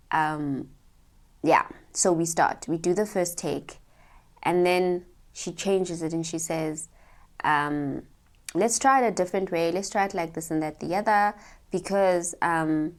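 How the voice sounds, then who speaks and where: Chatty woman actor, slightly low voice. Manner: animated, chatty, talks straight to viewers. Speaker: actor sharing advice. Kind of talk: casual vlog storytelling.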